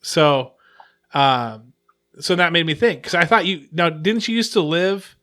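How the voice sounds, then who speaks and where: Rambling bright-voiced man host. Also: on the high side, lively intonation, a little slow. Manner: rambling, trailing off and restarting mid-sentence. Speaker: podcast host. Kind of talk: casual chat.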